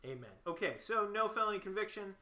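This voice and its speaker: A young man co-hosts a comedy show with a very bright, tense voice and a high-leaning pitch. His talk swings up and down as he banters and bickers. An echoey room rings around him. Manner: animated, quick to bicker. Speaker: co-host.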